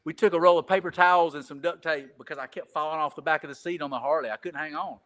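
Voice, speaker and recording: A man's voice: fairly high pitch, quick pace, a bit bright. A man telling a long casual story as a podcast guest, rambling and repeating "I said," swearing casually. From Greenville.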